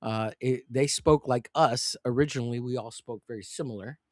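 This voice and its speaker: A man's voice: medium pitch, moderate pace, no room sound, clean studio sound. A man hosting a live comic-drawing stream, rambling casually and cracking crude jokes. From United States. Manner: rambling, crude joking, animated.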